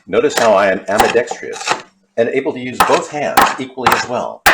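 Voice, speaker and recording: A man's voice: mid-range voice, sing-song, a little fast, vocal fry, heavy background noise. Rambling man cooking in an echoey kitchen. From Hollywood, California. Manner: wandering, conspiratorial asides to chat. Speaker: cooking livestream host. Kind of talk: rambling casual chat while cooking. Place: home kitchen. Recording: echoey kitchen with faint clatter.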